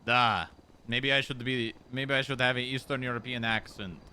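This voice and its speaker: A man's voice: medium pitch, fairly even intonation, moderate pace, bright, forceful tone, a little hiss or hum. A man livestreaming at home, muttering and humming to himself as he plays. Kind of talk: casual gaming stream commentary.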